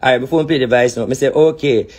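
A Jamaican man, a spiritual reader, giving animated vlog commentary in heavy patois and cursing freely. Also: mid-range voice, very fast.

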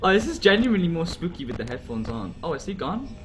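Male gaming host, high and very animated, panicky horror-game commentary. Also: a little hiss or hum. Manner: jumpy, excitable, swears, quick to panic; talks to himself and the game characters.

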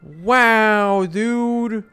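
A man hosting a gaming video and reacting with loud, excited, shocked outbursts. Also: sits high, drawn-out words, smooth, faint music behind. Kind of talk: playing a game and reacting.

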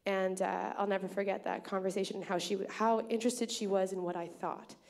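A woman's voice: medium pitch, level tone, brisk, gravelly, a little mellow. A Canadian woman hosting a live tap festival show from the stage, chatty and grateful, telling stories with lots of "um" and "uh". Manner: chatty, grateful, storytelling with many fillers. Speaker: festival organizer and host. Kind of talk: onstage emcee speech to a live audience.

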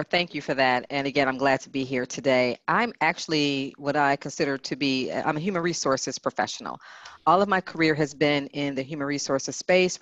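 A man's voice: mid-range voice, no room sound. Businesslike man on lo-fi webinar audio. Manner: steady, businesslike, listing points. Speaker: guest. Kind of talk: measured professional explanation.

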